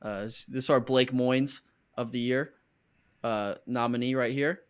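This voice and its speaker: A man's voice: mid-range voice, fairly even intonation, measured pace, smooth. A man hosting a podcast in casual chat, joking and rambling with fillers. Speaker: podcast host.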